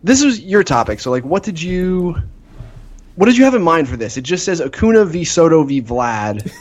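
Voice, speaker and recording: A man's voice: on the high side, very animated, normal speed. A man co-hosting a podcast, chatting about baseball in an easygoing, hesitant way with many uhs. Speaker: podcast co-host. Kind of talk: casual baseball chat.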